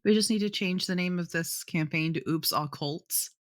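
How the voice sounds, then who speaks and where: A woman's voice: fairly low pitch, moderate pace. A woman playing in a tabletop game with friends, joking and laughing often. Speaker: podcast host and player. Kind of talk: tabletop game session, casual chat.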